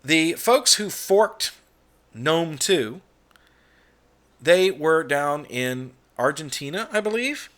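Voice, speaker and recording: A man's voice: fairly high pitch, expressive, slow pace, a bit bright. A middle-aged American man hosting a casual monologue vlog, ranting bluntly with some swearing. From United States. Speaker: YouTube channel host.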